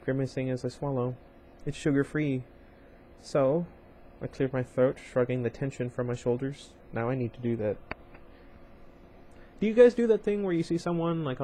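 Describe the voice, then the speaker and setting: A man's voice: medium pitch, mellow, slight background noise. Man reading a novel aloud, with chatty asides. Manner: reads the story plainly, breaking off for chatty asides to viewers. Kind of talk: casual story read-aloud with asides.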